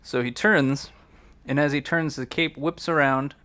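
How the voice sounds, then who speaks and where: A man in an improv comedy podcast, adding quick dry details to a shared story. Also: mid-range voice, steady tone, sharp tone. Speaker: improv performer.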